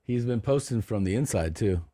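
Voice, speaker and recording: A man with a low voice co-hosts a comedy podcast, rattling off slangy, profane stories. His delivery swings widely in pitch and stays animated. The sound is dry and close. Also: normal speed, no room sound. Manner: animated, swearing, slangy storytelling. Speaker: podcast co-host. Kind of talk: casual comedy podcast chat.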